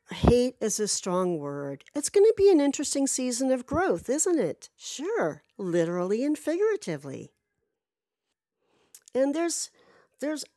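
A woman's voice: mid-range voice, dark tone, dry recording. A woman casually telling a personal story, rambling with many fillers and restarts and swearing freely.

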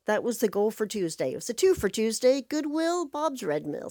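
A woman telling a rambling story in a casual monologue, chatty and animated, with sarcastic asides and swearing. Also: a little high, normal speed, no room sound, clean studio sound.

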